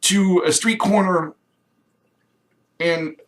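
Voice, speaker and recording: A middle-aged man from Kansas in a rambling, enthusiastic direct-to-camera pitch, acting out little quoted voices. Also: steady tone, extremely slow. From Kansas, USA. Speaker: home business promoter.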